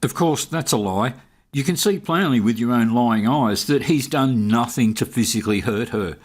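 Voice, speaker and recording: A man's voice: medium pitch, normal speed. Sardonic male video commentator. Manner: sardonic, mocking. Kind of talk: sarcastic commentary over police footage.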